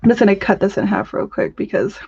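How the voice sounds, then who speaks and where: A woman hosting a casual crafting livestream, chatting in a bubbly way with quick gushing asides while she demonstrates. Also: mid-range voice, steady tone, gravelly, mellow, breathy edge, no echo, dull audio. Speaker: crafting channel host. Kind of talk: casual live-stream chat with demos.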